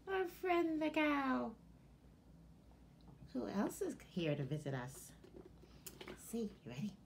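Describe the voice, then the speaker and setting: A woman librarian leading a children's storytime and sing-along, animated and talking to her listeners as friends. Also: a little high, slight background noise.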